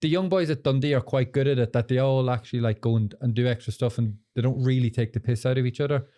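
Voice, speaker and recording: A man's voice: medium pitch, steady tone, fast talker, warm tone. A man co-hosting a podcast, chatting in a laid-back, reflective way. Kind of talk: casual chat.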